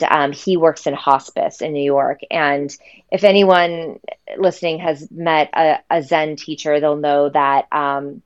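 This lo-fi recording captures a low-voiced woman, an author appearing as a podcast guest. She talks earnestly and reflectively, leaning heavily on fillers like "um" and "you know."

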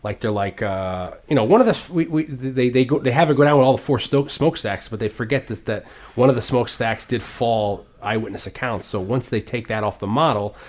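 Rambling, animated man talking films. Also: mid-range voice, a little fast. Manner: rambling, animated, with profanity and put-on voices. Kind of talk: casual film discussion.

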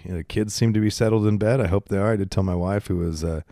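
Alone in his home garage, a man hosts a casual solo podcast into a handheld mic, rambling candidly and self-deprecatingly while congested, coughing and burping. His low, dark voice moves quickly with few pauses, in a dry, studio-quality recording.

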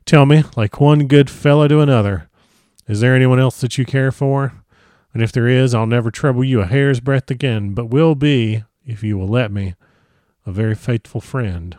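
A man's voice: mid-range voice, normal speed, darkish tone, dry recording, studio quality, close to an everyday voice. A man reading as an earnest young Texan suitor. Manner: earnest, folksy.

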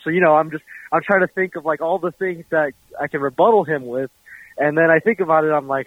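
A man's voice: fairly high pitch, fairly quick, no echo. A man, a professional bowler, chatting easily in an interview with many fillers, heard over a remote call. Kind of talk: casual interview answers. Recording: tinny phone-like line, dry.

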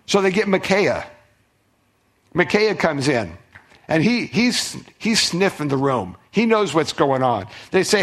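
Middle-aged guy preaching, fairly high voice, storytelling, gets loud then goes real quiet. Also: moderate pace. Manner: animated storytelling, swinging from loud to hushed; conversational, repeats words and restarts. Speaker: pastor. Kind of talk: sermon.

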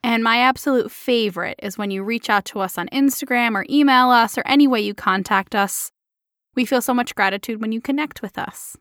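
Woman podcast co-host, higher voice, affectionate and giggly, casual chat. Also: fairly quick, fairly bright tone, no echo, studio quality.

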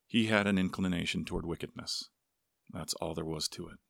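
A very low, gravelly male voice reads a novel aloud in steady narration. The sound is dry and close, with no room around it. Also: brisk, no echo. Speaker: audiobook narrator. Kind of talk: scripted narration with character voices.

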